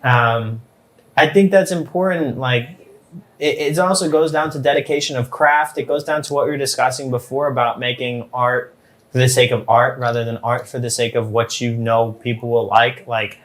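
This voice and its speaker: A man hosting a conversational interview, chatty and jokey, often pausing to search for words. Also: medium pitch, steady tone, fairly bright tone. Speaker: podcast host.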